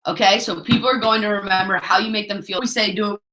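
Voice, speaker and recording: A woman's voice: mid-range voice, fairly even intonation, fast, pushed and bright. Female trainer, pep-talk delivery, keeps calling the team "guys", recorded in an echoey room. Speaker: network marketing trainer. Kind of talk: motivational training call.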